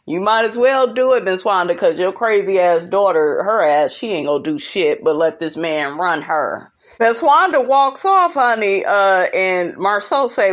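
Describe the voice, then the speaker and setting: Sassy woman recapping with lively pitch. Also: normal speed. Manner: sassy, animated, calls people honey and child. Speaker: reality show recap host. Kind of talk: casual recap commentary.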